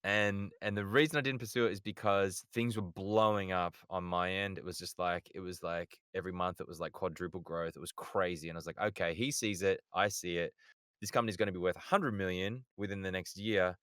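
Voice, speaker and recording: Deep-voiced Australian man, laid-back storyteller. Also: fairly even intonation, fairly quick, a bit bright, clean tone, no echo, studio quality. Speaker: guest voice actor. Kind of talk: casual podcast chat.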